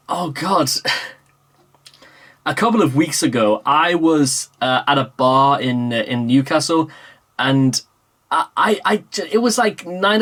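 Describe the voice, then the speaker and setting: A man's voice: mid-range voice, a bit bright. A young man rambles casually through a vlog, full of fillers and restarts, recorded in a small room. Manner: meandering, full of fillers and self-corrections. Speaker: vlogger. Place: small room with a green screen.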